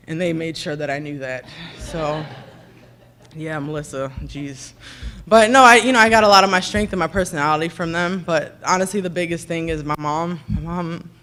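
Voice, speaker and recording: A woman's voice: low-pitched, fairly even intonation, moderate pace, a bit bright. A woman in her thirties giving a rambling, chatty, self-deprecating acceptance speech at a ceremony breakfast, thanking people by name at a podium microphone. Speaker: hall of fame inductee giving a speech. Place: ceremony breakfast in a banquet room.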